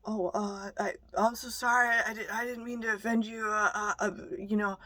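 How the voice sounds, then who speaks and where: A woman's voice: mid-range voice, level tone, normal speed, bright, forceful tone, no echo, voice pushed up. A woman mimicking a meek man who stammers out apologies. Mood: groveling.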